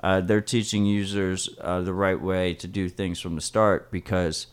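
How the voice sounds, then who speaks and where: A man with a low voice co-hosting a podcast in casual chat. He explains points at length and leans on the word "like" as a filler. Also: flat delivery, measured pace, clear, resonant tone. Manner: explains at length, uses "like" often. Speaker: podcast co-host.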